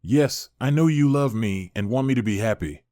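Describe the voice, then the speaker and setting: A man voicing a calm, unfaithful wife. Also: medium pitch, normal speed, no echo, studio quality, close to an everyday voice. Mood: calm pleading. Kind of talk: storytelling narration.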